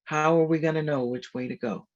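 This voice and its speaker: A guest speaker giving an informal spiritual talk on a video call, animated and repetitive with frequent laughter. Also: mid-range voice, a little fast, highs cut off.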